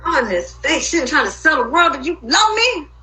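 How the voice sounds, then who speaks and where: High, lively, bright-voiced woman ranting. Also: normal speed, rough recording. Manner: agitated, profane and rambling, with sudden loud outbursts. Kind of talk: emotional personal monologue.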